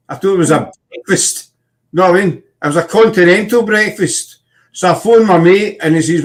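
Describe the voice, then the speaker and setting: Man, Scottish accent, fairly high voice, rambling storyteller, casual chat. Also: lively intonation, a little fast.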